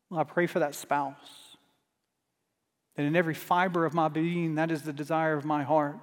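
A man with a high voice preaches an earnest sermon. He leans harder into his repeated refrains as he goes. His words ring out with a long hall reverb. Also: fairly even intonation, moderate pace. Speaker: pastor.

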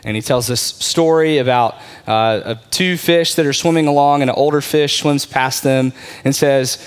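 A man's voice: medium pitch, fairly even intonation, normal speed, clear, resonant tone. A man giving a conversational sermon as a pastor, often checking in with his listeners. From Texas.

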